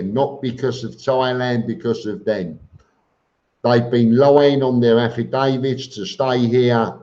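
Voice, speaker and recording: A man's voice: medium pitch, darkish tone. A middle-aged man with a Cockney accent, chatting bluntly as he reads out viewer comments on a live stream. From England. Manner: blunt, plain-spoken, with many ums and repeated words. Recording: dull lo-fi stream audio.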